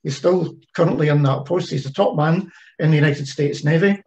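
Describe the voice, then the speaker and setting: Man, online presentation, slightly high voice, chatty with ums and restarts, dull lo-fi call audio. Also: moderate pace, darkish tone. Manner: conversational, many fillers and restarts. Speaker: presenter of a heritage ship project. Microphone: video call.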